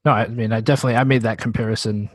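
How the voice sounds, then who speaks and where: A man's voice: fairly low pitch, fairly even intonation, rapid-fire, no echo. A man co-hosting a casual video game podcast, joking and laughing as he talks. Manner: laughing, jokey, slips into mock voices for quotes. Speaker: podcast co-host. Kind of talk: casual chat about video games.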